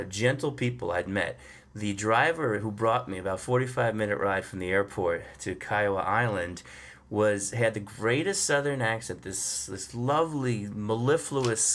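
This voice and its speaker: Here a low-voiced, slightly bright-sounding stand-up comic tells a story from the road as a monologue. His delivery is chatty and leisurely, packed with fillers and frequent laughs.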